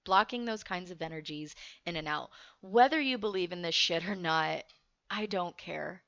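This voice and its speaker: A young woman telling a frightening personal story in casual talk, halting and shaky, swearing freely. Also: lowish voice, creaky, fairly bright tone, no echo. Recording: muffled dry recording.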